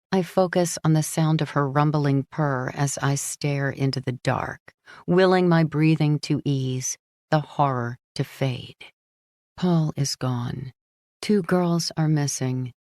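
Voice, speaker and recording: A woman narrating a first-person audiobook in a hushed, brooding manner. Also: very deep voice, no echo, clean studio sound.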